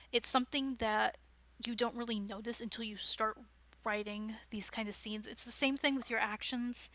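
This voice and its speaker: A woman's voice: a little high, pushed and bright, no room sound. A woman giving an informal writing workshop, chatty and enthusiastic, with frequent digressions. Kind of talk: informal lecture.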